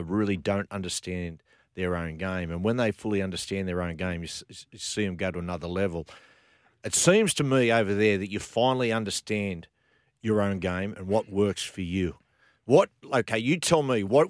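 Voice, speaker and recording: Deep-voiced chatty sports radio host. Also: male voice, no echo, clean studio sound. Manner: chatty, joking, questions in quick bursts. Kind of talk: casual sports radio chat.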